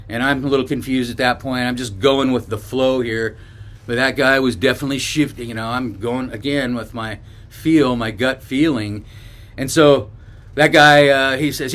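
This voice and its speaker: A middle-aged man from Northern California tells a travel story straight to camera, rambling and casual. He trips over restarts and fillers, and jumps louder whenever he acts out what someone shouted. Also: medium pitch, moderate pace. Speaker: travel vlogger.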